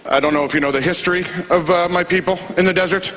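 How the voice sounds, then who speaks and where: A man in his thirties doing a stand-up comedy set on stage, telling stories in a deadpan way with quick asides. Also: high-pitched.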